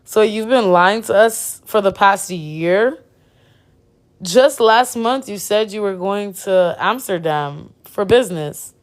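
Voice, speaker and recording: A woman's voice: mid-range voice, slow pace, natural voice. A woman reading the lines of a proper middle-aged mother who speaks in a prim, reproachful way.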